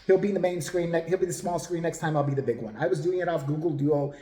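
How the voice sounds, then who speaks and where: A man's voice: fairly high pitch, quick pace, dark tone, roomy sound, big-room sound. A man hosting a podcast, talking casually to viewers in a blunt, rambling, profane way. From United States. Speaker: podcast host.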